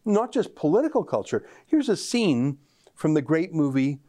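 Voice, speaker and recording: A man's voice: fairly high pitch, very animated, normal speed, mellow. A man hosting a political commentary show, talking emphatically and straight to the listener. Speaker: show host.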